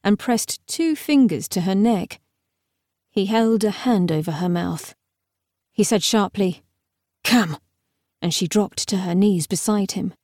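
Narrating an audiobook, a woman with a medium-pitched voice reads a script in a measured, expressive manner. The studio sound is clean, with no echo.

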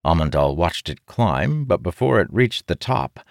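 A man with a very deep voice narrates a fantasy audiobook. His delivery moves a lot in pitch and stays measured. The recording is dry and close. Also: very animated, creaky, dry recording.

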